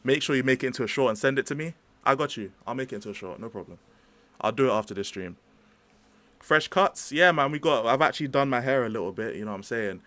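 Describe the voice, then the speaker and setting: A young man hosts a casual football livestream. He rambles in a chatty, slangy way and keeps cutting in with asides to his chat. His voice sits at an ordinary middle pitch. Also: animated, fast talker, fairly bright tone, no echo. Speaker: livestream host.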